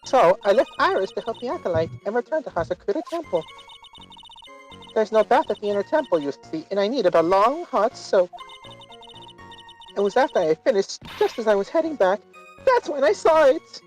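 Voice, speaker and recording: A woman's voice: on the high side, sing-song, fairly quick, soft background music, poor audio. A woman reading the lines of an older nun in a game, with a theatrical, teasing delivery.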